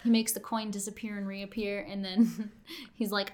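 A young woman co-hosting a podcast, recapping a TV episode in casual, animated chat and laughing often. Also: mid-range voice, normal speed. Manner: animated, laughing, bursts into shouted quotes. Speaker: podcast co-host.

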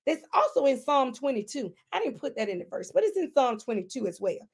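A woman with a high voice preaches a conversational sermon. She talks straight to her listeners, stresses key lines hard and then drops into quiet asides. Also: sing-song, a little fast, creaky, slightly rough. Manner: emphatic, addresses listeners directly; swings between loud emphasis and quiet asides.

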